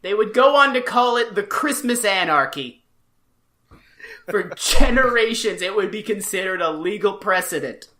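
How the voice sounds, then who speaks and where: A man's voice: high-pitched, expressive, moderate pace, sharp tone. A man co-hosting a casual podcast chat, rambling with many filler words. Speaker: podcast co-host.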